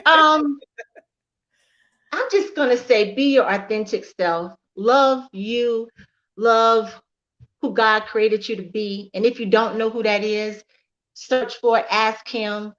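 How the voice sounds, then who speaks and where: A woman with a slightly high, fairly bright voice speaks slowly as a guest on a live online show, in slightly dull lo-fi audio. Chatting casually, she praises the host with emphatic encouragement.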